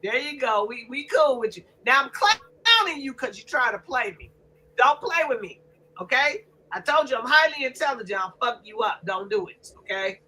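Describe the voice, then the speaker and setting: An older woman hosting a casual live stream, loud and profane, often laughing as she trash-talks. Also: high voice, animated, normal speed, poor audio. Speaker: livestream host.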